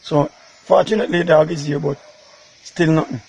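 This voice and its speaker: A man's voice: fairly high pitch, steady tone, brisk, vocal fry, a little mellow, slight background noise. A man with a Jamaican accent, a father recounting in an interview how his daughter went missing, rambling in patois. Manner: rambling, emotional retelling in patois.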